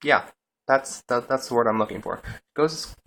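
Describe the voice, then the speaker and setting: A man's voice: mid-range voice, normal speed, a bit bright, a little hiss or hum. A young man casually recapping a TV episode, rambling through scenes with lots of "he's like" retellings. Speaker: TV episode reviewer.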